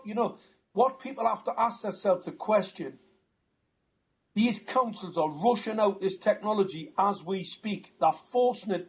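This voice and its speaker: A man's voice: sits high, breathy edge. A man with a Geordie accent, talking insistently on a chat show and repeating words when he gets going. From North East England. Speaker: guest. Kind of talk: conversational talk-show chat.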